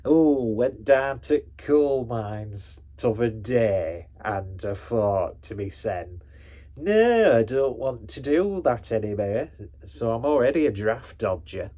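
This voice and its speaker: A man's voice: medium pitch, animated, takes it slowly, mellow. A man putting on a hammy, exaggerated generic northern English accent as a stereotypical 1950s working-class man. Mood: folksy. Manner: broad, hammy, folksy.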